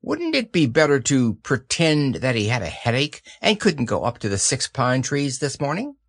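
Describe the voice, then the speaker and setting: A man narrating a children's audiobook with slow, expressive storytelling. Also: mid-range voice, dry recording.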